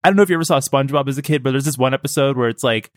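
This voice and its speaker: A man's voice: medium pitch, racing, dry recording, clean studio sound. A man co-hosting a casual tech podcast, joking and riffing playfully. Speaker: podcast co-host.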